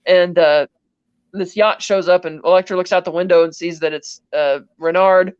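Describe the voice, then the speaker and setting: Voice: medium pitch, steady tone, normal speed, smooth, no room sound, dull audio. A podcast co-host casually recapping a film scene by scene, in a chatty, rambling way full of "he's like" asides. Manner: rambling, chatty retelling with many "he's like" quotes.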